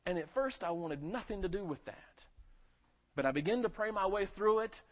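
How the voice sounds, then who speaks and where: A male pastor with a light Southern accent preaches in a chatty, personal way, often checking in with his listeners. His voice sits a little higher than most men's, and the recording sounds somewhat muffled and lo-fi. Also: lively intonation, moderate pace. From North Carolina. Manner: conversational preaching, calls for amens. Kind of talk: sermon.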